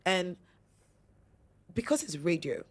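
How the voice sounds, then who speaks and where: A woman with a Nigerian accent, a radio host talking as a podcast guest in an animated way. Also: on the low side, slow pace. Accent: Nigerian English. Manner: animated, acts out radio announcer voices. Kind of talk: casual podcast chat.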